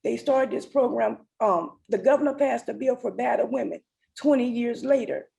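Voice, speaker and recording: A woman's voice: on the high side, moderate pace, vocal fry, mellow, low-quality recording. A woman in her forties giving an earnest, emotional personal testimony as a summit speaker. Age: 40s.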